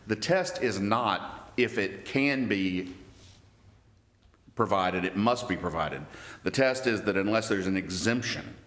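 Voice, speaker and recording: A man with a lowish voice presents an appellate argument in a courtroom. He speaks in a measured way and presses hard on particular words. The room rings with noticeable echo. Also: a bit bright. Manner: measured, emphatic about word choice, with occasional restarts. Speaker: attorney for the appellee.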